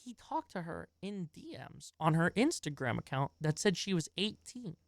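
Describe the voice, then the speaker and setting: A man's voice: fairly high pitch, very animated, normal speed, creaky, dry recording, clean studio sound. A man streaming a reaction video, ranting in an exasperated, profane way and chatting with his viewers in between. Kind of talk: live-stream reaction commentary.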